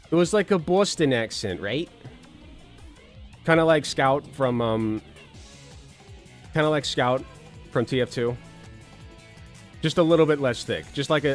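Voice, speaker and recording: Rambling, sarcastic male commentary host. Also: mid-range voice. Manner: rambling, sarcastic, crude jokes and profanity. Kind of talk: casual commentary.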